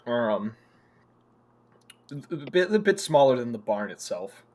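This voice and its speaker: A young man narrating a tabletop game as game master, pausing often with fillers and restarts. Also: medium pitch, very animated, darkish tone. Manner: halting, many fillers and restarts.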